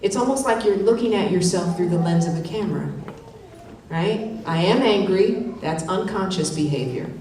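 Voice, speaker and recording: Warm in tone and fairly low in pitch, a woman leading a wellness workshop speaks at a moderate pace, coaching the room and tagging her points with "right?" The live presentation takes place in a conference hall, captured by a distant mic amid strong echo and faint noise.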